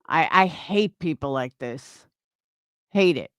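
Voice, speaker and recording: A woman's voice: low-pitched, animated, slow pace, a bit bright, dry recording, muffled recording. A young woman streamer giving a profane, scornful reaction rant on a livestream. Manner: angry, profane, scornful ranting.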